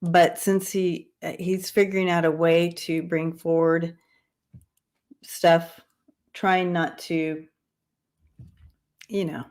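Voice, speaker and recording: Her voice sits on the low side with a darkish tone as she runs a casual tarot reading on a livestream. Chatting and laughing often with viewers, she has dyslexia and stumbles over long words, saying them again until they come out right.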